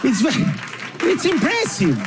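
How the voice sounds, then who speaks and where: A man with a heavy Italian accent performs stand-up, his high voice swooping up and down. He mocks himself with a grin and stumbles over fillers. A large audience laughs loudly behind him. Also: wildly swooping pitch, slow, over music. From Italy. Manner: playful, self-mocking, laughing between lines, hesitant fillers. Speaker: stand-up comedian. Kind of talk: stand-up comedy set. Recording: live show with audience laughter. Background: crowd laughing.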